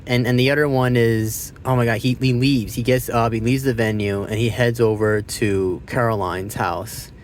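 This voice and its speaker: A man giving a casual spoken movie review who rambles, swears freely and loses his train of thought. He gets loud and excited when he retells scenes. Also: mid-range voice, normal speed, few pauses, a little hiss or hum.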